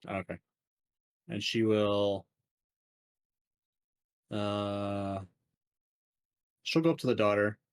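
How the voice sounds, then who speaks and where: A man playing in a tabletop role-play game, talking in a halting way as he thinks aloud. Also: fairly low pitch, steady tone, smooth. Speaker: player.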